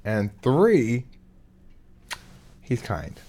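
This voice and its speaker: Casting: male podcast host, unhurried and playful, sing-song delivery. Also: medium pitch, wildly swooping pitch, mellow. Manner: slow, playful, swears freely. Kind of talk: casual podcast intro.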